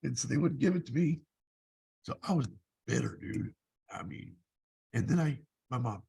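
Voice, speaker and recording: A man's voice: medium pitch, expressive, normal speed, creaky, dark tone, breathy edge, no room sound. A man in his fifties, a life coach, telling his own story in a blunt, profane, rambling way. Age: 50s. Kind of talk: casual personal storytelling.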